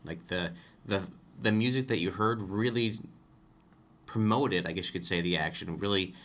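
Deep-voiced and a bit bright, a man talks at a moderate pace as a podcast co-host. His casual movie talk rambles, and he corrects himself and laughs easily along the way.

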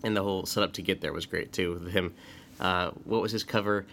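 A man's voice: low voice, fairly even intonation, brisk, a bit bright. A man casually discussing a movie as a podcast co-host, chatty and talkative. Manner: chatty, quotes scenes with put-on voices. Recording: faint background noise.

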